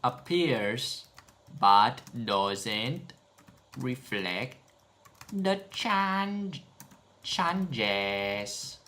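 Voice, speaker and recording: A man's voice: mid-range voice, very animated, extremely slow, pauses often, bright, forceful tone. A man talking to himself while editing video, muttering and swearing in exasperation. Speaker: video editor streaming his work.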